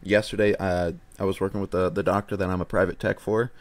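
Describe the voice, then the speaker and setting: A man with a fairly low voice, chatting on a podcast call and telling a work story. He stammers and restarts often, his words trailing off into a mumble. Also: flat delivery, quick pace. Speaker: podcast co-host. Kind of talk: casual chat, storytelling.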